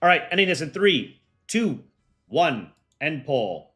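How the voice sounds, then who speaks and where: A young American man chatting casually on a live stream as its host, relaxed and full of ums and likes. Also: on the high side, unhurried, soft background music. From United States. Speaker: streamer and voice actor.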